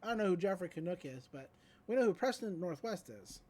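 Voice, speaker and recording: A woman hosting a podcast, retelling a cartoon episode in casual chat with animated storytelling and quick character voices. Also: on the low side. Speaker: podcast host.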